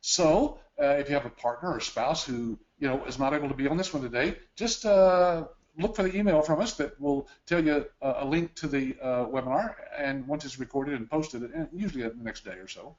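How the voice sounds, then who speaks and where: A man's voice: mid-range voice, brisk, hardly any pauses, a little mellow. A man co-hosting a webinar from his home office, talking casually with many fillers, somewhat out of breath. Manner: chatty, filler-heavy. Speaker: webinar co-host. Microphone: video call. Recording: dull lo-fi video call audio.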